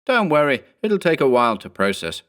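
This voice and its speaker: A man voicing a calm, unsettling clone. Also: mid-range voice, moderate pace, voice pushed up. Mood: calmly reassuring. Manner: calm, casual, reassuring. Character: calm, eerily reassuring male clone.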